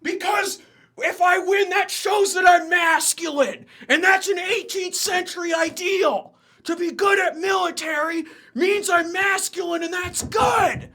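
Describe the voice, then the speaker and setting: A man yelling as a frantic old-time general. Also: very high voice, fairly even intonation, measured pace, pitched above the performer's own voice, full character voice. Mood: frantic shouting. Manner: frantic, repeating himself in shouts. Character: desperate shouting male 18th-century British general.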